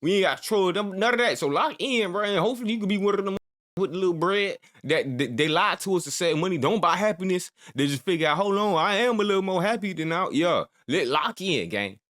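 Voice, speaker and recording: A man's voice: sits high, fast talker. A man hosting a reaction video, ranting casually and calling his listener "gang" and "boy" again and again. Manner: animated, mock-scolding.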